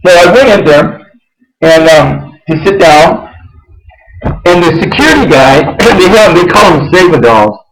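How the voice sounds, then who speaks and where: Male host, slightly higher voice, loose and rambling storyteller who restarts his phrases. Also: expressive, unhurried, soft background music, rough recording. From United States. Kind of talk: casual personal storytelling on an internet radio show.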